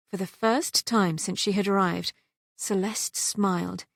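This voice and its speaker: A woman narrating a historical romance audiobook in a gentle, even storytelling manner. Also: mid-range voice, a little slow, gravelly, no room sound, studio quality. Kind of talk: scripted narration.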